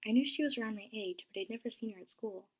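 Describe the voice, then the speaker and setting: A woman narrating a first-person story in a soft, dramatic reading voice that drops to a hush at times. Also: a little high, quick pace, slightly rough, dull audio.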